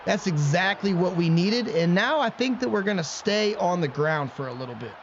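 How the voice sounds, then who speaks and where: Excitable high-voiced man, muffled audio. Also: moderate pace. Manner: excitable, swings into frustrated self-mocking rants. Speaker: gaming channel host. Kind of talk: video game let's-play commentary. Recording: muffled lo-fi audio with faint background noise.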